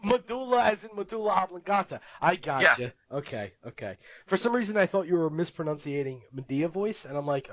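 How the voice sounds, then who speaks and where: A man co-hosting a podcast, telling a story in casual chat, animated and laughing often as he acts out what people said. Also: on the high side, fairly quick, few pauses, dry recording, muffled recording. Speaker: podcast co-host.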